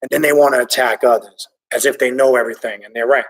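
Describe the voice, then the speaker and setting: A man hosting a livestream, reading viewer comments and ranting in an excitable, animated, profane way. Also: medium pitch, fast, recorded from a distance, rough recording. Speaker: occult channel host reading viewer comments.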